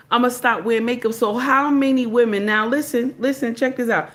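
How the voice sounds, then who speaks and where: A woman's voice: on the high side, fairly even intonation, fairly bright tone. Emphatic woman streamer chatting with viewers. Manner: emphatic, drawn-out, repeats herself and greets viewers by name. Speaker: livestream commentator. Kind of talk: casual live-stream commentary to chat.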